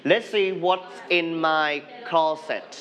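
A man's voice: a little high, slow pace, bright, forceful tone. A man with a Thai accent teaching an English class, prompting students and having them repeat phrases back. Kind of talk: classroom language drill.

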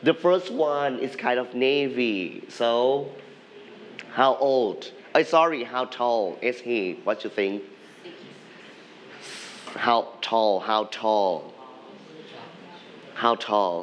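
A man's voice: mid-range voice, a bit bright, a little hiss or hum. A man teaching an English vocabulary lesson to a class, patiently repeating words for the students to echo.

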